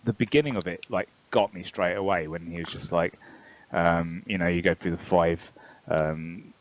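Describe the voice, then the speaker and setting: A man's voice: deep voice, fairly even intonation, normal speed. A man co-hosting a podcast in casual chat, blunt and emphatic with frequent fillers, on a dull lo-fi recording. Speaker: podcast co-host.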